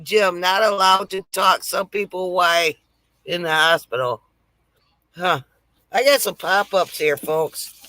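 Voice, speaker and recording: Slow-talking bright-voiced woman streamer. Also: fairly low pitch, no room sound, rough recording. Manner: chatty, reads viewer comments aloud, laughs at own jokes. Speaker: live stream host. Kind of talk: casual live stream chat and joke telling. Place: home setup near a lake.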